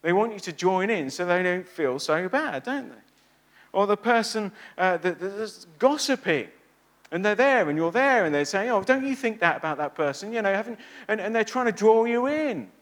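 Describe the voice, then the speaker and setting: A man preaching a sermon, animated and asking his listeners rhetorical questions. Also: high voice, normal speed.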